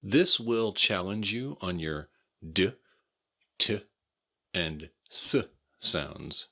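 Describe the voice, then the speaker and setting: Deep, slow American pronunciation teacher. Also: male voice, animated, sharp tone. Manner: repeats each word slowly and clearly. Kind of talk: slow, careful pronunciation lesson.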